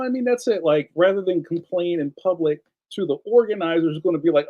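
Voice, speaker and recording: A middle-aged man hosting a casual live stream, ranting in an animated way and reading viewer comments aloud. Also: high voice, a little fast, hardly any pauses, muffled recording. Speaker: live stream host, cartoonist.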